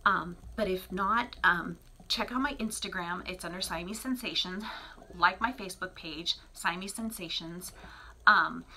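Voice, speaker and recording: A middle-aged woman chats through a home video about her cats, rambling from one thought to the next with plenty of fillers. Her voice sits a little low yet comes across bright and forceful. She is recorded in a small bathroom with a faint hiss underneath. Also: a little slow. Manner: chatty, rambling, many fillers; drops to a soft whisper near the kittens. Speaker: cat breeder. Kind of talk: casual vlog talk.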